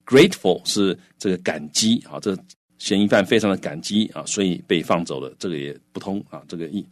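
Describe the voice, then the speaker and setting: A man teaching English vocabulary in a bilingual lesson, patient and steady, with frequent filler sounds and slowed English terms. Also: deep voice, dry recording. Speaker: English teacher explaining in Chinese.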